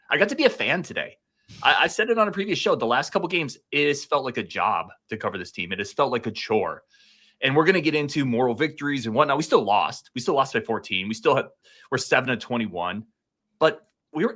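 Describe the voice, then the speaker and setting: A man co-hosting a casual sports podcast, fired up and talking like an excited fan, a few beers in. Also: medium pitch. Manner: fired-up, animated fan talk. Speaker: podcast co-host.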